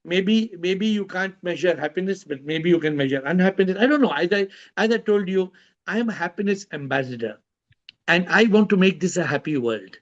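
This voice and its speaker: A man hosts an online discussion over a video call. His voice sits high and he tells stories with lively, acted-out characters. The call audio is somewhat muffled. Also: a little fast. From India. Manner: animated storytelling, acting out characters. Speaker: host.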